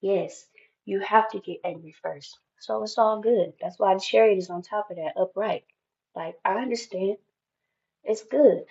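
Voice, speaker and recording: Woman tarot reader, slow and gravelly, emphatic and spiritual, dull lo-fi sound. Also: medium pitch, warm tone. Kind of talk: intuitive tarot reading monologue.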